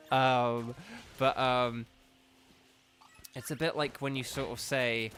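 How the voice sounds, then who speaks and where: A man live-streaming a game, chatting loosely with his viewers, full of ums and quick laughs. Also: medium pitch, steady tone, fairly bright tone, soft background music. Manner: rambling, lots of ums and laughs, answers chat. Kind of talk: casual live-stream chat.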